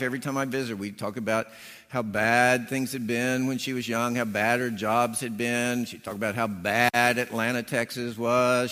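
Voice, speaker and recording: A man's voice: mid-range voice, pushed and bright, in a large hall. A man preaching a sermon, telling a folksy story and acting out the dialogue as he goes. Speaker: pastor.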